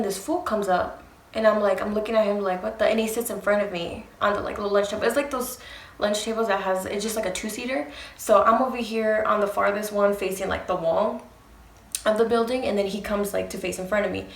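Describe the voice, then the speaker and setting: A woman's voice: mid-range voice, fairly quick, reverberant. Chatty woman telling a storytime. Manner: animated, profane, talks straight to viewers. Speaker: storytime vlogger. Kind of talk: casual storytime.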